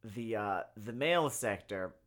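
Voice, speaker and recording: A tipsy man co-hosting a casual review chat, talking in a halting, hesitant way. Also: on the low side, expressive, fairly bright tone. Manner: halting, hesitant, full of ums. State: tipsy from drinking. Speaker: podcast co-host.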